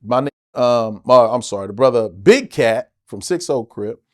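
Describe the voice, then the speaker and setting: A man from the United States, an actor guest telling stories in a casual interview, animated and emphatic, with plenty of swearing. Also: medium pitch, unhurried, no room sound, studio quality.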